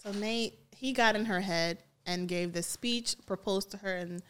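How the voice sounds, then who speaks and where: A woman co-hosting a casual recap chat, blunt and opinionated, with quick asides. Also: mid-range voice, fairly bright tone, smooth. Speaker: podcast co-host.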